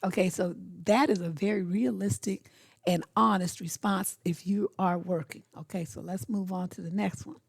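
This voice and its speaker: A woman's voice: mid-range voice, steady tone, gravelly, no room sound, clean studio sound. Blunt, sassy middle-aged woman coach. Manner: blunt, sassy, acts out quick dialogues. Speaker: relationship coach. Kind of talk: casual advice monologue.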